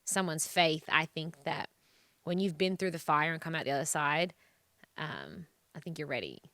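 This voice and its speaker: A woman's voice: low voice, lively intonation, normal speed, a bit bright, no room sound. A woman with an Australian accent, a guest on a faith TV show, speaking earnestly and encouragingly about her testimony.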